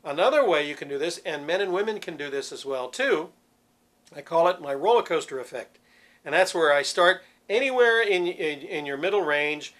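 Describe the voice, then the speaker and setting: Male vocal coach, fairly high speaking voice, patient explanatory teaching. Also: lively intonation, normal speed, a bit bright. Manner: patient, explanatory, demonstrates vowel sounds on scales. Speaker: vocal coach for church cantors. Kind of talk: instructional talk with sung demonstrations.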